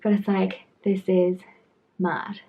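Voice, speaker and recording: A woman's voice: medium pitch, level tone, takes it slowly, narrow, tinny audio. A young woman giving frank, chatty pregnancy advice to camera, trailing into asides. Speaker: pregnancy vlogger. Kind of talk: casual talk-to-camera advice.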